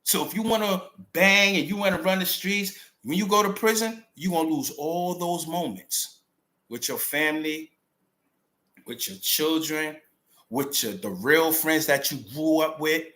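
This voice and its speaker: A man's voice: a little high, a little slow, sharp tone. A middle-aged man with a New York accent giving an emphatic, unscripted commentary monologue full of street slang. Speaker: channel host.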